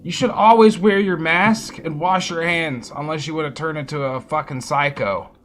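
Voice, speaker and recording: A man streaming a fantasy role-playing game, commenting casually and excitably and swearing freely as he reacts to the game. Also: on the high side, normal speed, a little hiss or hum. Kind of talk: live gameplay commentary.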